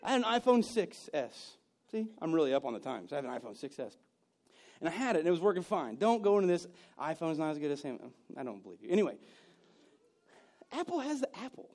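A man preaching a sermon, telling personal stories and moving between loud bursts and hushed moments. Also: fairly high pitch, sing-song, fast talker. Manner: storytelling, swings from loud to hushed. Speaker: pastor.

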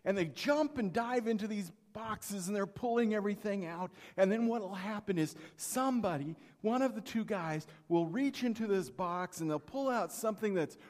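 A pastor giving a sermon to a congregation, telling stories, acting out the people in them and joking with the room. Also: male voice, sits high, expressive, moderate pace, few pauses, darkish tone. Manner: storytelling, acts out characters, jokes with congregation. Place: church sanctuary. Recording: long hall reverb.

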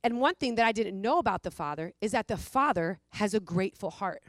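A woman giving an informal Bible teaching, chatty and animated, often checking in with her listeners and acting out prayers with a laugh. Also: mid-range voice, fairly quick, dry recording. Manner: conversational, animated, checks in with "okay?" and "right?"; acts out prayers and quotes with laughing asides.

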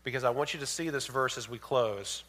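Bright-voiced man preaching a sermon. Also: brisk. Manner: emphatic, swings from loud and high to hushed storytelling. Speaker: pastor.

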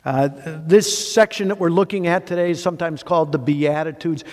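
A man preaching a sermon with animated, conversational delivery and a somewhat high voice. He poses rhetorical questions and stacks up lists of words. The sound carries a long reverb, as in a large hall. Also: brisk. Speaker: pastor.

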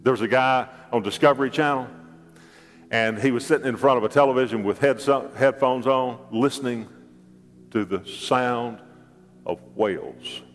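An older man preaching a sermon as pastor, animated and joking, often repeating his words and leaping up in pitch for asides. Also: normal speed, big-room sound.

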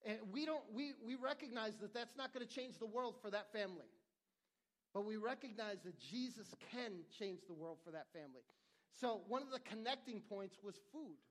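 High-voiced earnest male pastor preaching. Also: expressive, moderate pace. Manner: earnest, conversational preaching with repeated restarts. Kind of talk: sermon.

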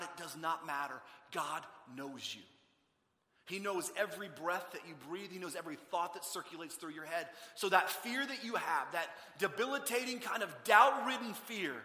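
A man preaching a sermon, telling the story with animation and swinging from loud to hushed. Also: high voice, echoey room, long reverb tail. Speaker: pastor.

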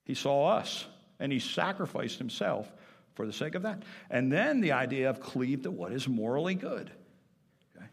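Guy preaching in church, mid-pitched voice, hammers his points with repeats, big echoey hall. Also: very animated, normal speed, gravelly, husky. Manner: emphatic, repeats key phrases, asks the congregation questions. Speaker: pastor. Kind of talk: sermon. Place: church sanctuary. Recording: long reverb of a church hall.

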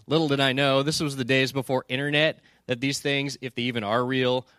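A man telling a lively story with many restarts, building toward a lesson. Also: mid-range voice, a little fast, clean tone, dry recording, studio quality. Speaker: speaker. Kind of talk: storytelling sermon.

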